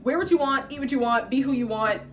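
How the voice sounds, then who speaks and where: A woman's voice: high voice, fast talker, faint music behind. A woman in her late twenties giving blunt life advice in a casual vlog, emphatic and given to repeating her points. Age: late 20s. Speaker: vlogger.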